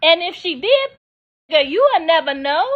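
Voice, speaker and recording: Brash, high-voiced older woman ranting. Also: big pitch swings, moderate pace, highs cut off. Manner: profane, brash, talks straight to viewers. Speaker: online commentator. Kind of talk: casual rant to viewers.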